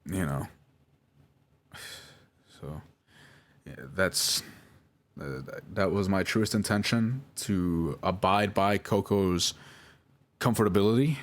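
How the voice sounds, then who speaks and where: Low-voiced young man, rambling and apologetic. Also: slow pace, pauses often. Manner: rambling, apologetic, with many fillers and restarts. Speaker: video creator reading out chats. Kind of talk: nervous apologetic monologue.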